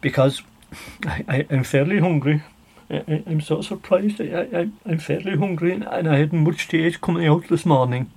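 A man's voice: on the high side, normal speed, gravelly, a little mellow, breathy edge. A man with an Irish accent voicing Dennis, a flustered country fellow who stammers and repeats himself nervously. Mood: grateful.

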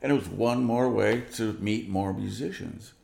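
A man being interviewed, telling a long anecdote in an animated way and acting out the dialogue. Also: on the low side, normal speed, gravelly, reverberant. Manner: animated, acts out quoted dialogue. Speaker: guest musician. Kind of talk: storytelling interview.

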